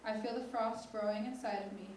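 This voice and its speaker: A teenage girl reading her own spoken word poem slowly and intensely as a student poet on stage. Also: fairly high pitch, steady tone, a little mellow, a little hiss or hum. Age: teens. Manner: slow, deliberate, intense recitation. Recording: echoey hall from far off.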